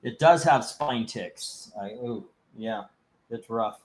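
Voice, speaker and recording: A man's voice: medium pitch, slow. Rambling, jokey man hosting a live stream. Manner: rambling and jokey, reads out viewer comments. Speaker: host of a live comic book auction stream. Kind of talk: casual livestream chat.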